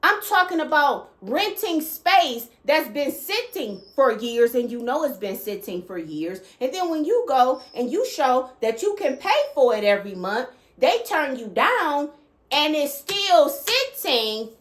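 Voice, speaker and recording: A woman's voice: sits high, very animated, unhurried, reverberant. A woman hosting her own channel, delivering an emphatic spiritual message, repeating phrases and checking in with "okay?". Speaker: channel host.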